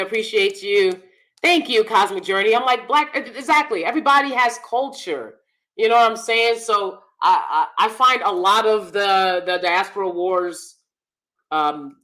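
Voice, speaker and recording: A woman's voice: mid-range voice, bright, forceful tone, low-quality recording. A woman hosting her own channel, giving blunt, emphatic commentary and reading out chat names, often repeating herself for stress. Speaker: channel host. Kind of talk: casual commentary to live chat.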